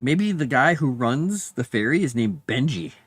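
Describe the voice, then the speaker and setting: A man streaming from his desk while he writes, chatting casually and trailing off into thought. His pitch moves around a lot, lifting and dropping from phrase to phrase. Now and then he turns to soothe and coax his dog. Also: big pitch swings, normal speed, breathy edge, no room sound. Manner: talks softly to his dog between musings. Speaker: author streaming live writing. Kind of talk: casual live-stream chat.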